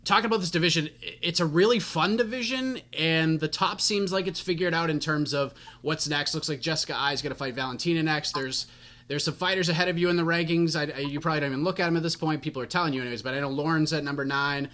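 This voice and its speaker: A man's voice: fairly high pitch, fast talker, bright, forceful tone. A young adult man hosting an interview, asking long, winding questions in a chatty, casual way. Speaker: MMA interviewer.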